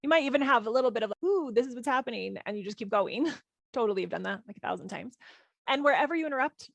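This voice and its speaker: Woman, 30s, podcast host, gentle coaching voice, fairly high, dry recording. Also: lively intonation, fast talker, creaky, dry recording. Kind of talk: reflective solo podcast talk.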